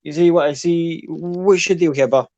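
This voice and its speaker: Brief: a man putting on a high, loud, swaggering Irish circus tough who swears freely; dry close sound. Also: steady tone, moderate pace, dry recording, dull audio, natural voice. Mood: sizing up. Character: cocky rough-and-ready male circus fighter with top knot.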